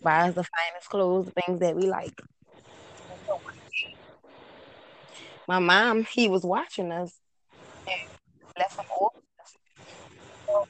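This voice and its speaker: Woman guest, kinda low voice, talks her story out slow and halting, lots of restarts. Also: poor audio. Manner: halting, with frequent pauses and restarts. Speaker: interview guest. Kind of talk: personal life story told in casual talk.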